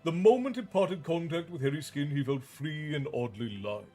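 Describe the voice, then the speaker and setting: Animated man reading a story aloud. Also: a little high, moderate pace, faint music behind. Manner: animated, theatrical. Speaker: livestream story reader.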